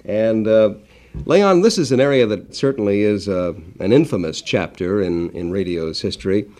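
A man hosting a radio interview, halting and filling pauses with ums. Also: fairly low pitch, expressive, dark tone. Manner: hesitant, many ums. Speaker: interview host.

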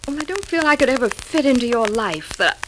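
An actress playing a hesitant, insecure young woman in love in an old radio soap, halting in her speech. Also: high voice, animated. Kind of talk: 1940s radio soap acting. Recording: scratchy old radio recording with clicks.

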